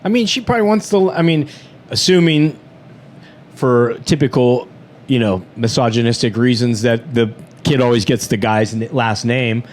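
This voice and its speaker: A man's voice: mid-range voice, normal speed, slight background noise. A man co-hosting a podcast in casual chat, playful and jokey and laughing often. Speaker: podcast co-host.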